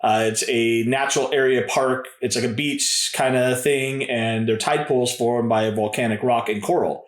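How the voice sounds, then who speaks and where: A man's voice: mid-range voice, fairly even intonation, normal speed. Laid-back man in an echoey room. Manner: laid-back, says "dude" and "man" often. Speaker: podcast guest. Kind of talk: casual storytelling.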